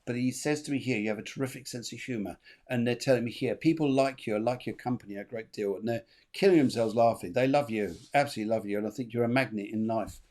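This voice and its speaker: A man's voice: medium pitch, fast, few pauses, darkish tone. A man, hosting a live spiritual reading, talking in a chatty, repetitive way and laughing often. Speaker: medium, show host.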